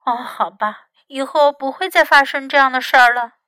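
Woman as a calm, teasing fox mom. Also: high voice, normal speed, no room sound.

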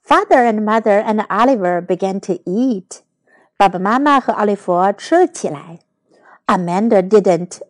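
A woman reading a children's picture book aloud slowly and clearly, in two languages. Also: medium pitch, no echo. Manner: slow, clear, expressive reading. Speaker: storyteller. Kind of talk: bilingual storybook read-aloud for children.

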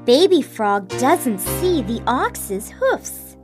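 A woman narrating a children's storybook in a slow, clear, expressive reading style. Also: high-pitched, faint music behind.

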